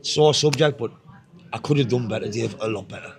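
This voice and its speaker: A man's voice: medium pitch, brisk, creaky, crowd noise. A man with a Northeast English accent telling his life story in casual chat, blunt, swearing a lot and often repeating himself. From Northeast England. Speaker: guest.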